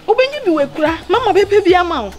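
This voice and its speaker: A Ghanaian woman acting in a comedy skit, bossy and animated, mixing Twi with English. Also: very high-pitched, quick pace. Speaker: comedy actor. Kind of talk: skit dialogue. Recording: with loud music behind.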